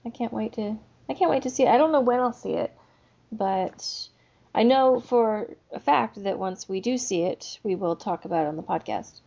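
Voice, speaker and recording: Mellow easygoing woman, lo-fi podcast. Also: on the high side, normal speed, gravelly. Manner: easygoing, laughs along often. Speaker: podcast co-host. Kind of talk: casual chat.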